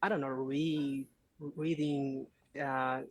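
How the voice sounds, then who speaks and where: A man answering speaking test questions in halting English, searching for words over a video call. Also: mid-range voice, level tone, dry recording. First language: Spanish. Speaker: test candidate.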